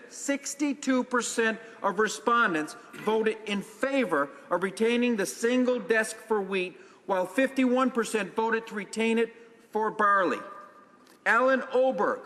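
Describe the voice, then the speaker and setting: A man from Newfoundland and Labrador speaks in a high, bright, ringing voice. He makes an emphatic parliamentary speech and drives his points home with rhetorical questions and repeated phrases. The recording carries the long reverb of a large legislative chamber. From Newfoundland and Labrador, Canada. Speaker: member of parliament.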